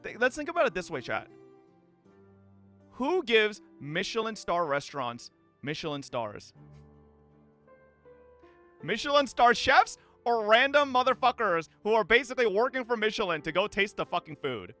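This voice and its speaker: Lively high-voiced male streamer. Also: normal speed, pauses often, soft background music. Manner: animated, profane, laughs often, addresses chat. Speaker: streamer reacting to clips. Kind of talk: casual live-stream commentary.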